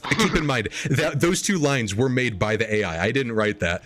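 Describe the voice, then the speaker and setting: A man hosting a podcast, reading an AI-written story aloud as a comedic dramatic reading and pitching quoted lines up into exaggerated voices. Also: big pitch swings, unhurried, fairly bright tone, soft background music. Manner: reads quoted lines in exaggerated higher voices, laughing at the text. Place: home streaming setup.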